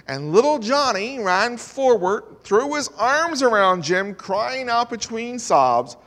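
A man's voice: very high voice, very animated, takes it slowly, few pauses, a bit bright. A male preacher telling a story in a sermon, earnest and dramatic. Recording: long hall reverb.

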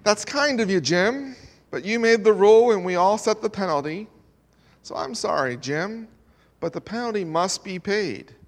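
A man voicing a firm but fair old-time schoolteacher who speaks in measured tones. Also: sits high, animated, pitched above the performer's own voice. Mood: stern. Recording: long hall reverb.

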